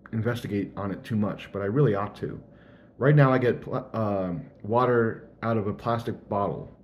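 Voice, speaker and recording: A man's voice: lowish voice, a little mellow. A young man thinking aloud in a casual, earnest vlog monologue.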